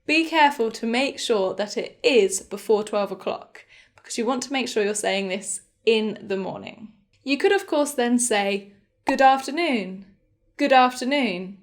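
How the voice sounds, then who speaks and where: A young woman teaching a beginner English lesson, speaking slowly and clearly and modelling example phrases. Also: on the high side, animated. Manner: slow, clear, demonstrative pronunciation of example phrases.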